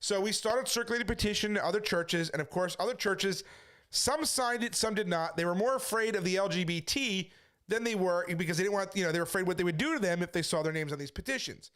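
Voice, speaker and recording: A man who is a street preacher, briskly telling a story to his viewers and quoting the back-and-forth as he goes. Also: high-pitched, a bit bright, clean tone. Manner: brisk retelling full of quoted back-and-forth. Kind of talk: casual storytelling monologue.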